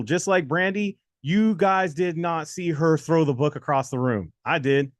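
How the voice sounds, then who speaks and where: A man co-hosting a test-prep show in casual motivational talk, telling stories with animated quotes and repeating lines for emphasis. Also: a little high, a little slow, hardly any pauses, dry recording, clean studio sound.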